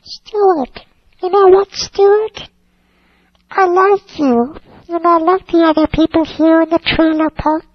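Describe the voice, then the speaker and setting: A man putting on a squealing, exaggerated falsetto for a trailer-park character, recorded as dull, dry lo-fi audio. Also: fairly even intonation, slow pace, no room sound. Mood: gushing. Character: shrill high-voiced trailer-park character.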